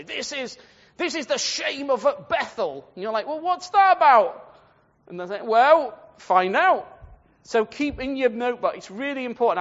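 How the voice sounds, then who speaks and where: High-voiced man teaching in an echoey hall. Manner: chatty, rambling, addresses listeners directly. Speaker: Bible teacher. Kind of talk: informal Bible study talk. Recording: dull, muffled, long hall echo.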